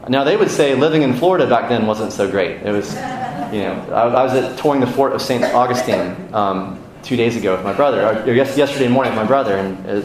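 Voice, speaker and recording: A man's voice: mid-range voice, brisk, few pauses, crowd noise. An American man preaching a sermon in a conversational teaching manner, asking the congregation questions. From United States. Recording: very echoey room, faint noise.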